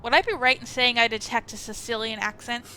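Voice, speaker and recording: A woman's voice: a little high, fairly even intonation, a little fast, bright, forceful tone, slight background noise. A woman voicing an awkward, apologetic male sociologist landlord who rambles and stammers, reading a visual novel aloud. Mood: fawning.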